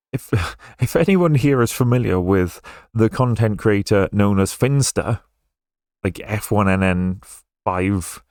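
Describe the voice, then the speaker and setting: A man's voice: lowish voice, darkish tone. A young man with a posh British accent, chatting casually and rambling with fillers while he plays through a racing game on stream. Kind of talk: casual gameplay stream chat.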